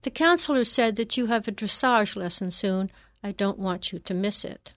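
A woman's voice: medium pitch, moderate pace, fairly bright tone, no room sound, close to an everyday voice. A stern grieving father speaks in short, clipped orders, read out by a woman in her own voice. The sound is dry and close, with no room around it. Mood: firm.

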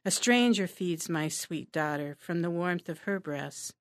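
A woman's voice: on the low side, animated, unhurried, no room sound. A woman reading aloud as a passionate, brooding young male poet, dramatic and impassioned.

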